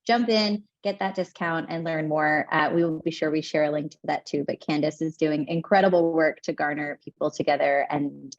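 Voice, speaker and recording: A woman's voice: fairly low pitch, dry recording. A woman co-hosting a video call, reading sponsor announcements in an upbeat way. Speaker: co-host. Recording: dull video call audio.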